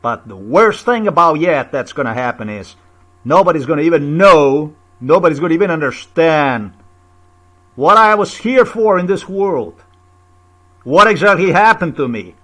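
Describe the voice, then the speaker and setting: A man's voice: on the high side, animated, moderate pace, pushed and bright. A man in a confrontational, repetitive video rant, full of rhetorical questions and swearing. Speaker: vlogger. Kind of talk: angry personal video rant.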